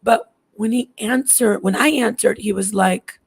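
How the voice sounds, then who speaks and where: A woman's voice: mid-range voice, a little slow, creaky, slightly rough. A woman in her thirties telling a personal story in a casual, digressive way, restarting sentences and acting out what people said. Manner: chatty, digressive, restarts often, acts out quoted voices.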